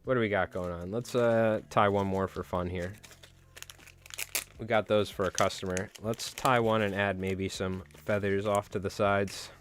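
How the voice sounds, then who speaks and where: Man, live-stream host, casual rambling chat, self-mocking, deep-ish, smooth voice. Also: steady tone, normal speed. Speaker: streamer tying flies live.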